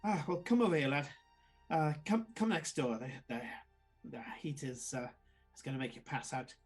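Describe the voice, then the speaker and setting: A man voicing a gruff female dwarf smith. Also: on the high side, animated, moderate pace, soft background music. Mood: brusque. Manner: brusque, businesslike, calls others lad.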